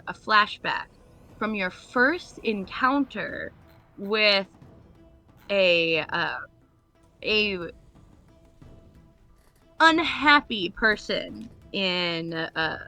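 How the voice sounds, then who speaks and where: A woman running a tabletop game as game master, halting with many fillers. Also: mid-range voice, sharp tone.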